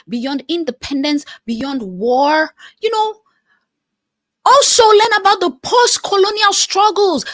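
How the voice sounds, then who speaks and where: Answering viewer comments on her live stream, a Nigerian life coach speaks earnestly and repeats phrases for emphasis. Her voice sits high with a fairly bright tone, and the recording is dry.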